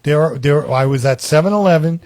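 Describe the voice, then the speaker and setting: Talk show guy rambling away, little higher voice, dead dry room. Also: normal speed, darkish tone, dry recording. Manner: talkative, repeats himself and restarts often. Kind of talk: casual studio chat. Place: small studio.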